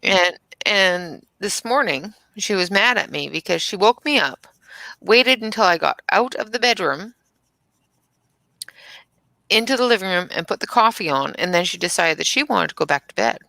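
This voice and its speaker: A woman chatting casually on a stream, telling stories about her morning and laughing easily, with a gravelly voice. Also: medium pitch, lively intonation, moderate pace, bright, forceful tone, no echo. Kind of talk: casual chat.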